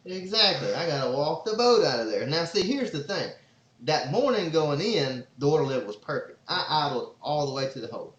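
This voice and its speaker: A man hosting a podcast, telling a long story in a casual, excitable, rambling way. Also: fairly high pitch, fairly quick. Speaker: podcast host and father. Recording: roomy, slightly dull sound.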